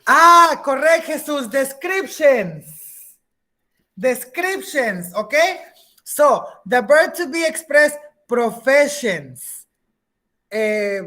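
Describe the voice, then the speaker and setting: A woman's voice: sits high, lively intonation, slow, long pauses, pushed and bright. A woman teaching a beginner English class, patiently repeating words, checking that students follow, and slipping into Spanish now and then.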